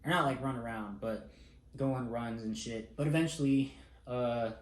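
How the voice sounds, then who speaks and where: A man's voice: mid-range voice, normal speed. A young man casually recounting a personal story, laid-back and self-mocking, swearing freely. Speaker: vlogger. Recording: roomy echo.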